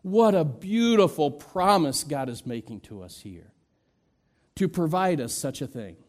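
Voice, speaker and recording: A middle-aged man preaching a sermon, swinging from soft low drops to raised, emphatic peaks, with self-deprecating humor. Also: animated, unhurried. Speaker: pastor.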